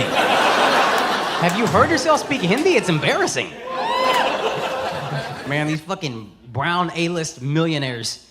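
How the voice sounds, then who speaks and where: A man in his thirties doing a brash, profane stand-up set with crowd work, shouting his punchlines on a club stage. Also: very high-pitched, very animated, moderate pace, heavy background noise. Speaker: stand-up comedian. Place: comedy club stage before a live audience. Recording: live club with loud audience laughter. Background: loud crowd laughter.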